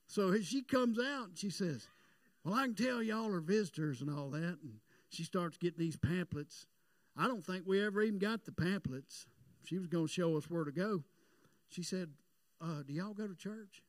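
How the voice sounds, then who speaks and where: Preacher guy telling a story, high-pitched, dry close sound, folksy and then fired up. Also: no room sound. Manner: folksy, rises into fervent preaching. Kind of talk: sermon storytelling.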